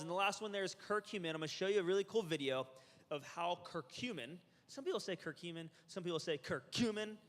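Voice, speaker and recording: A man presenting at a health seminar, lecturing a live audience in an energetic, joking way and quizzing them. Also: on the high side. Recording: reverberant hall.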